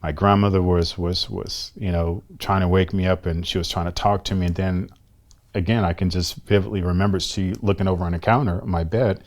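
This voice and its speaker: A man in his fifties, a guest telling a personal story in an interview in a soft-spoken, reflective and earnest way. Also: sits low, flat delivery, fairly quick. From United States. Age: 50s.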